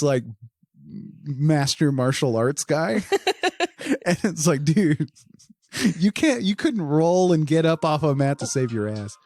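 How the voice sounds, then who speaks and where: Brief: podcast co-host, loose and rambling, swears freely, pitch jumps around, dry close sound. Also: a little mellow, no room sound. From Oklahoma. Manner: profane, laughs often, rambling. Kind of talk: casual chat.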